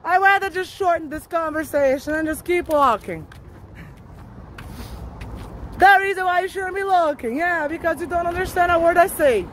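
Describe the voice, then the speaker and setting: A woman's voice: very high-pitched, fairly bright tone, a little hiss or hum. A woman ranting bluntly and combatively while walking outdoors on a city street, swearing a lot. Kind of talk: profane street rant.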